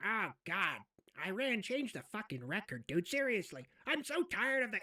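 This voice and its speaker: A man with a high, sharp, bright voice trades crude jokes in a satirical comedy role-play. He sounds set back from the microphone. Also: very animated, moderate pace, hardly any pauses, recorded from a distance. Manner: crude, joking, laughing through lines.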